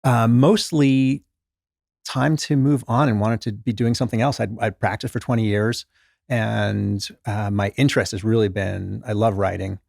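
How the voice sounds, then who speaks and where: A middle-aged man, a former doctor, telling stories in a casual interview, animated and self-deprecating, acting out his own thoughts. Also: lowish voice, moderate pace, gravelly, dry recording, clean studio sound. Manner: animated, self-deprecating, lots of restarts and quoted inner thoughts. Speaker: guest author, former doctor.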